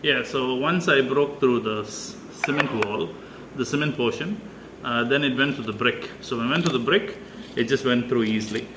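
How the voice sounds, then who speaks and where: A man's voice: medium pitch, normal speed, very noisy. A man casually explaining, step by step, how he drills into a wall, with many hesitant "uh" fillers. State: slightly out of breath. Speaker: DIY video maker. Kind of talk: casual how-to narration while working.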